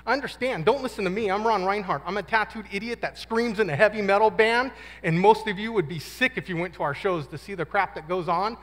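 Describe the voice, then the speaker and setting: Man in his 50s, high voice, slangy testimony talk with acted-out quotes, long hall echo. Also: brisk, fairly bright tone. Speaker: guest speaker at a men's conference. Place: conference hall. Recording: long reverb of a large hall.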